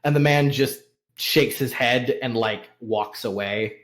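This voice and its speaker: A man's voice: medium pitch, slow pace. A man acting as game master, describing the scene in a hesitant way with many fillers. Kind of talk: narrating a tabletop game.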